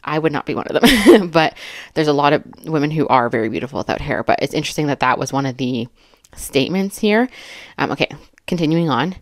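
A woman's voice: deep voice, animated, brisk, no room sound, studio quality. A woman in her thirties who sounds a little out of breath, reading a list aloud and commenting on each item in a chatty, filler-heavy way. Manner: chatty, filler-heavy, laughs between remarks. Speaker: commentary YouTuber. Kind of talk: casual commentary, reading and reacting.

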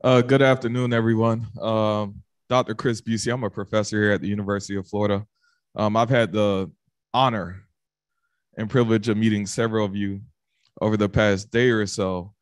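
A male professor speaks to the gathering in earnest, reflective terms. His voice sits somewhat low. The sound is dry. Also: fairly even intonation, fairly quick, no echo. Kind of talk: public remarks at a session. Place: event room.

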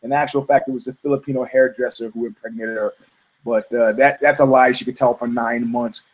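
A man's voice: medium pitch, steady tone, brisk, rough recording. Rambling, profane male storyteller. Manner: rambling, profane, many restarts. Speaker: host.

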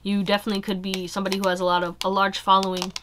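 Young adult woman, tarot reader talking to her audience; casual, animated, rambling delivery. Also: mid-range voice, very fast, noisy background. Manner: chatty, animated, fillers like "you know" and "y'all". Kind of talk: casual pick-a-card tarot reading.

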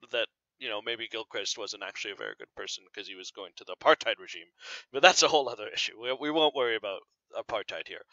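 A man's voice: mid-range voice, bright, forceful tone, no room sound. A man teacher explaining a story to students in a conversational way, often asking "right?" and using fillers. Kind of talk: recorded lesson on a novel reading. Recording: dry, slightly dull lo-fi recording.

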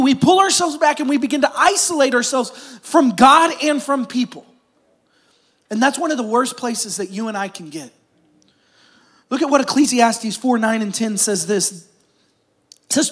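A man preaching a sermon, telling a story with emotion and swinging between loud stretches and hushed whispers. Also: extremely high pitch, expressive, moderate pace, long pauses. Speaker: pastor.

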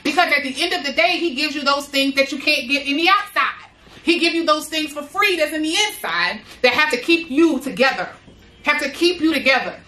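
A woman with a high, bright voice speaks to other parents in a casual, emphatic motivational style, repeating her lines for weight and dropping slang along the way. Her voice rings out with a roomy echo around it. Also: fairly quick. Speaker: motivational speaker, mother of boys with special needs.

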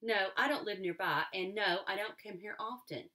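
A woman reading aloud as an easygoing seventeen-year-old boy in a storybook, in a relaxed, matter-of-fact way. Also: mid-range voice, moderate pace, recorded from a distance, close to an everyday voice.

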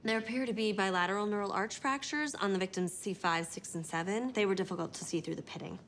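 A woman's voice: mid-range voice, fast, a little hiss or hum, natural voice. An actress playing a young female lab scientist in labor, panting and crying out between her lines. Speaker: forensic scientist character. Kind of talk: TV drama acting. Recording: TV soundtrack with loud music underneath.

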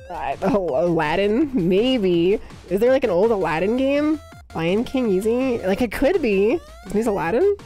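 A woman streamer chatting live while guessing games, excitable and swearing a lot, bursting into high yells. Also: unhurried, soft background music.

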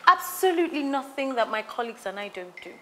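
A woman's voice: fairly high pitch, sing-song, fast, a little hiss or hum. A woman, playing a banker in a comedy sketch and complaining in an exasperated, emphatic way. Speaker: banker character in comedy skit. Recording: music playing underneath.

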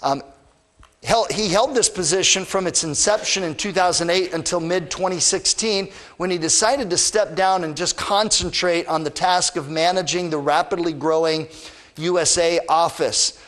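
A man, the pastor, introducing a guest speaker at church in a halting way with many fillers. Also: high-pitched, fairly bright tone. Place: church in Brooklyn, New York.

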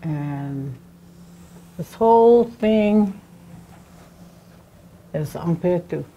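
Middle-aged woman, classroom teacher, unhurried and patient, fairly low voice, repeats words for students. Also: animated, dark tone, slight background noise. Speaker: language teacher. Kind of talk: classroom lesson.

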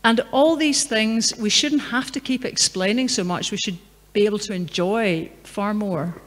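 A woman's voice: medium pitch, unhurried. A middle-aged woman giving a public talk in a large hall, speaking in a conversational, anecdotal and emphatic way. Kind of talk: lecture and Q&A answer. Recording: long hall reverb.

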